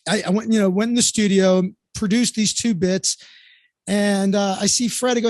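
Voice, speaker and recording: A man with a notably high voice tells a rambling story as a guest, circling back with fillers and restarts. He is from Florida. The sound is dry and close. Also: normal speed, darkish tone, no room sound. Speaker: guest comedian. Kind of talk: casual anecdote telling.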